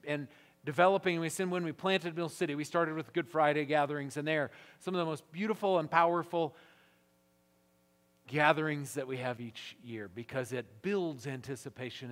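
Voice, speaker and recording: A man's voice: on the high side, fairly bright tone. A pastor in his thirties or forties preaching a sermon to a gathering, building his points through emphatic repetition. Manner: emphatic, repetitive build-ups with rising force. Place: large church gathering hall.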